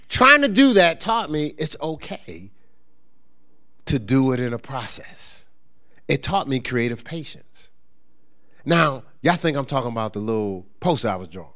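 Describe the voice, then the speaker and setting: A man pastor preaching a sermon, acting out quoted voices and slipping into a quiet storytelling tone for a personal story. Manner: animated preaching with rising emphasis and quoted voices; drops into a low, soft storytelling voice.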